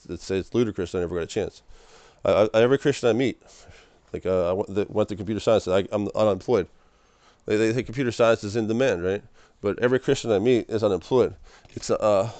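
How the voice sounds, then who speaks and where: A man's voice: fairly low pitch, darkish tone, no echo. A young man rambling through an emotional personal monologue in a small room, stammering and repeating his words. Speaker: vlogger.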